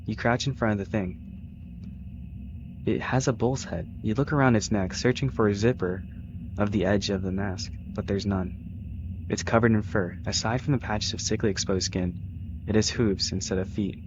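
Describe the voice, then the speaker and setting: A man's voice: lowish voice, steady tone, normal speed, highs cut off, noisy background. A man casually reading a visual novel aloud, stumbling over words and correcting himself. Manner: casual, self-correcting, joking asides. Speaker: let's-play reader.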